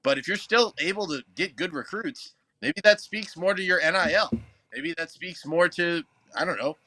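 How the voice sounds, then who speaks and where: A man's voice: high voice, moderate pace, sharp tone, no room sound. A man hosting a casual sports talk show, rambling and thinking aloud with plenty of fillers. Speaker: sports radio host.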